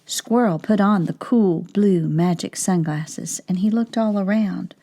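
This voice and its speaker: A woman teacher reading a picture book aloud to young children, slowly and clearly, pausing to ask them questions. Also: medium pitch, dark tone. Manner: slow, clear, asks questions of child viewers.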